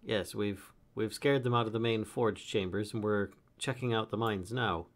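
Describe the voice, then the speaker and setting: Deep, gravelly man playing a tabletop game. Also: fairly even intonation. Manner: halting, with frequent uhs and restarts while declaring actions. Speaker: player. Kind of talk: casual tabletop game play.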